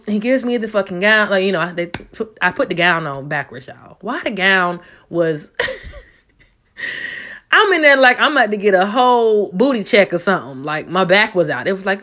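A woman in her twenties telling a casual story to her viewers, loud and profane, often jumping up into high squeals. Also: expressive, moderate pace. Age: 20s. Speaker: vlogger.

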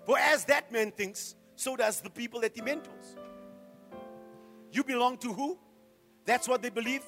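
High-voiced preacher. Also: male voice, normal speed, faint music behind. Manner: preaching with rhetorical questions, swinging from hushed to loud. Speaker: pastor. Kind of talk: sermon.

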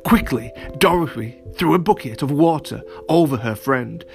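A man narrating a children's story, animated and playful, speaking straight to young listeners. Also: a little high, slow pace, faint music behind.

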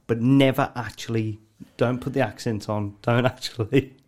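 A man on a podcast, chatting playfully with quick asides. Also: medium pitch, fairly even intonation, a little mellow. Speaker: podcast co-host. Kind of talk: casual banter.

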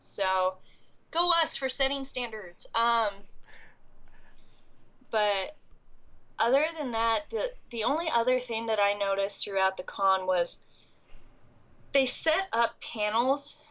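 A woman's voice: fairly high pitch, slow, pauses often, fairly bright tone, low-quality recording. A young adult woman with a cold and coughing fits, recapping a convention in a rambling, casual podcast chat full of ums and restarts. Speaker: convention goer recapping the event.

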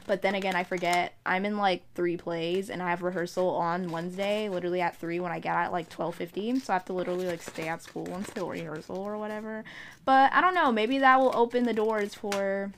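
A woman's voice: on the low side, fairly even intonation, a little fast, a bit bright, slight background noise. A woman vlogger talking in a rambling, chatty, self-mocking way. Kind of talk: casual vlog chat.

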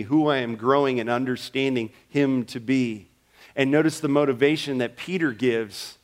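A male pastor with a notably high voice preaches to his congregation. He leans into his points emphatically, often dropping into acted-out prayers and imagined conversations. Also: a bit bright. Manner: emphatic, acts out prayers and quoted talk. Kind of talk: sermon. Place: church.

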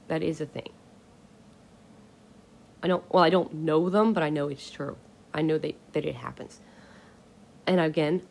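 A woman's voice: fairly low pitch, creaky. A woman hosting a casual solo podcast, ranting bluntly and with exasperation, swearing casually. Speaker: podcast host.

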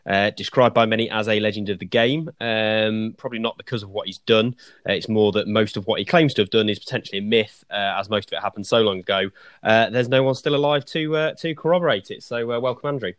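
A man's voice: on the low side, fast, fairly bright tone, no echo. A man appearing as a guest coach in a casual chat, with dry, teasing humour.

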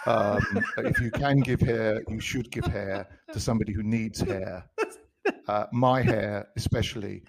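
A man's voice: lowish voice, fairly even intonation, unhurried, vocal fry, noisy background. A man with a London English accent, co-hosting a podcast in casual comedic chat, telling stories in a dry, joking way with many restarts. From England. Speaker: podcast co-host.

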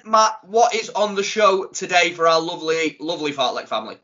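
A man co-hosting a podcast, chatty and excitable, laughing often. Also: a little high, normal speed, muffled recording. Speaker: podcast co-host. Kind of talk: casual podcast chat.

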